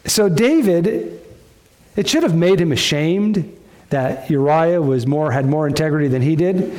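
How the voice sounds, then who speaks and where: A middle-aged male pastor preaches in a high, bright voice. He tells the scripture story with emphatic turns, slowing down for weight and then rushing ahead. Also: expressive. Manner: storytelling with sudden swings in pitch and pace, emphatic. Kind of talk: sermon.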